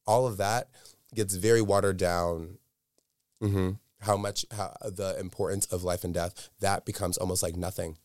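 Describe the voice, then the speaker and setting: A man's voice: on the low side, moderate pace, a little mellow, dry recording, clean studio sound. A man speaking as an interview guest, telling a candid personal story in an earnest, emphatic way and repeating words for stress.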